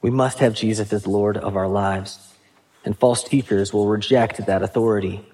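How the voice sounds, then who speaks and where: A pastor preaching a sermon in a conversational way, with casual asides and questions to the congregation. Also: male voice, on the low side, fairly even intonation, normal speed, dark tone.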